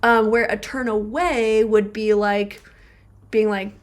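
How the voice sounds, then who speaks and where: A woman's voice: mid-range voice, fairly even intonation, slow pace. A woman co-hosting a relationship podcast as a therapist, explaining ideas through everyday examples with lots of filler words. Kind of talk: casual podcast conversation.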